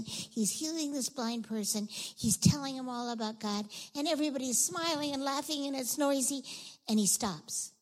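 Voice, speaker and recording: A woman leading a children's sermon, telling a Bible story in an animated way and asking the kids questions. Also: fairly high pitch, rough recording.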